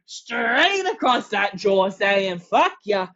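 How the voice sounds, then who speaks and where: An excitable wrestling commentator calls every move of the match, bursting into shouts whenever a big hit lands. The pitch sits in the middle range. The audio is dull and lo-fi. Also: slow pace, vocal fry. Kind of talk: play-by-play commentary.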